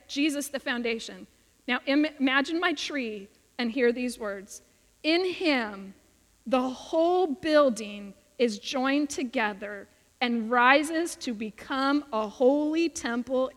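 High-voiced woman preaching in a reverberant hall. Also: slow pace. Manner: earnest, emphatic, acts out quoted voices. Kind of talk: sermon.

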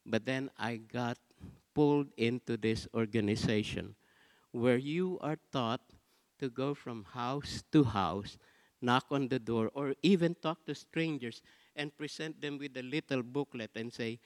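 A man preaching a sermon as pastor, slow and dramatic, with big swings between soft and loud. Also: mid-range voice. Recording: long reverb of a large hall.

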